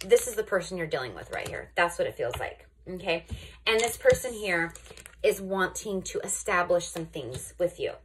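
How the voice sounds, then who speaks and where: A woman's voice: on the low side, expressive, moderate pace, background noise. A woman giving a casual tarot reading to her viewers, chatty and often checking in with "okay?", restarting and correcting herself as she goes. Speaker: tarot reader.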